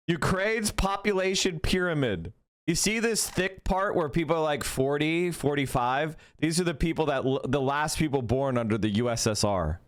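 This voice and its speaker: A man's voice: fairly high pitch, clear, resonant tone. Ranting, profane male streamer host. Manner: reads news aloud. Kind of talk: casual political commentary.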